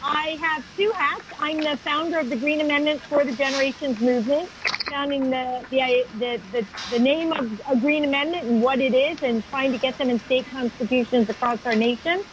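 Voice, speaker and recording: A woman's voice: sits high, fairly even intonation, normal speed, background noise. A woman guest on a talk show, explaining her advocacy earnestly and at length, speaking over a remote call. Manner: earnest, fluent with restarts. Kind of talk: casual interview talk.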